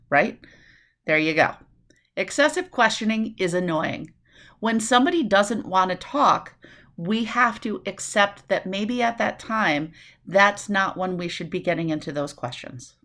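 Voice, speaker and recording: A woman from New City, giving a recorded nursing lecture in a lively way, acting out quick voices and asides. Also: mid-range voice. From New York City. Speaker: nursing instructor.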